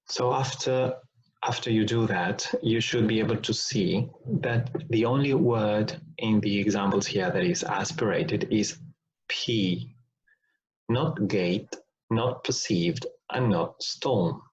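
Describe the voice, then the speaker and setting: Male phonetics teacher, slow and deliberate, repeats sample words, dull lo-fi sound. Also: on the low side. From Argentina. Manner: deliberate, repeats example words to show sounds, checks in with "all right?". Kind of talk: recorded online lesson. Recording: dull lo-fi recording.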